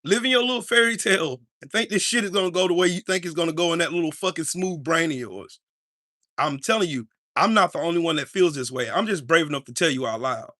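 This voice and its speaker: A man's voice: fairly high pitch, fast, sharp tone, dry recording, studio quality. A man hosting a live-streamed podcast, ranting in an angry, profane and confrontational way. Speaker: podcast host.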